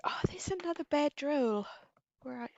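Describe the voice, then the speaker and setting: A woman's voice: sits high, expressive, normal speed, gravelly, a little mellow, no room sound, dull audio. A woman with a New Zealand accent hosting a craft livestream, chatting casually and giggling with her viewers. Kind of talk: casual live-stream chat. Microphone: earpiece and mic at desk.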